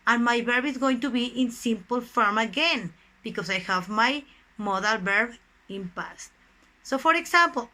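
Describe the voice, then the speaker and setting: Woman teacher, somewhat high voice, slow and deliberate, leans hard on key words. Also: sharp tone. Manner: keeps addressing the class as "guys". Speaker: English teacher. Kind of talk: recorded online English lesson.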